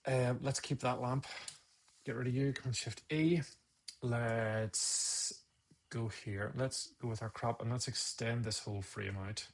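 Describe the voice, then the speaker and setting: A man, a photographer teaching photo editing on a live stream, muttering his steps aloud and scolding himself. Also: mid-range voice. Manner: muttering, self-scolding, chatty asides.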